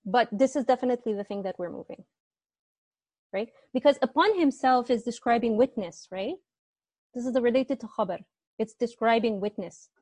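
A woman's voice: a little high, moderate pace, a little mellow, no room sound. A young woman teaching assistant explaining grammar in an online tutorial, hesitant and often apologizing.

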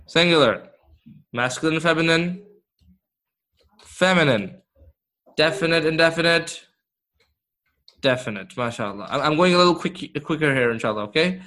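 A man's voice: a little high, bright, forceful tone. A man teaching an interactive grammar lesson, quizzing his class and praising answers as he goes. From Canada. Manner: slow, encouraging, quizzes the class with quick praise. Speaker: Arabic teacher.

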